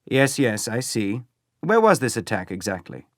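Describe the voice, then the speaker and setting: A man voicing a calm, courteous and methodical police inspector in an audiobook. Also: mid-range voice, normal speed, no echo, studio quality, pitched above the performer's own voice, lightly acted. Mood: deliberate.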